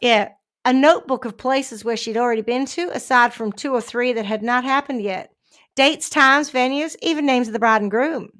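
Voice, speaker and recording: A woman's voice: on the high side, moderate pace, fairly bright tone. A woman, a podcast co-host reading a crime story aloud with chatty asides. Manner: reads a news story with asides and laughs.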